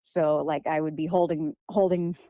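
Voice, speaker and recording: A woman's voice: deep voice, fairly even intonation, normal speed, no echo, narrow, tinny audio. A young woman, a children's author, answering interview questions in a casual, hesitant way with many fillers and restarts. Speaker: guest author.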